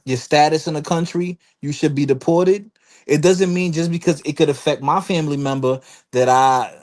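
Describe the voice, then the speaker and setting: An animated man holding forth on a casual panel show, his voice sitting a little high for a man. He talks in loose, filler-heavy bursts and slips into the voices of the people he quotes as he tells a story. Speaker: panel guest. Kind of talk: casual chat.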